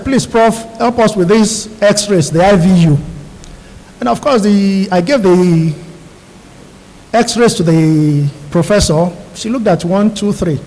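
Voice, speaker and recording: A man's voice: high voice, a little mellow. A middle-aged Nigerian man, a radiologist, giving an earnest storytelling speech to newly inducted doctors in an auditorium. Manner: earnest, storytelling, addresses audience directly. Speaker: guest speaker, radiologist. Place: large university auditorium. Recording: long hall reverb.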